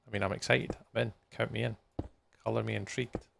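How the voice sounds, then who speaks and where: Very gravelly tired man streaming. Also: on the low side, level tone, fast, noisy background. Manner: chatty, reacts to chat messages, talks while playing. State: tired, yawning. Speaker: game streamer. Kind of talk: casual live-stream chat with viewers.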